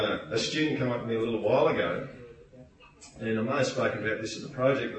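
A man preaching a sermon in a church, animated and playful, acting out quotes in put-on voices. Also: mid-range voice. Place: church hall. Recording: echoey hall, distant mic.

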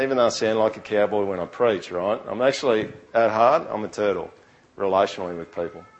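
A man's voice: lowish voice, rough recording. A middle-aged man preaching a sermon in a conversational, earnest way, often restarting his sentences. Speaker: pastor.

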